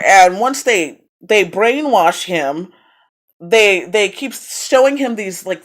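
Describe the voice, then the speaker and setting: A young adult woman telling a movie review story in a casual vlog, profane and animated. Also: mid-range voice.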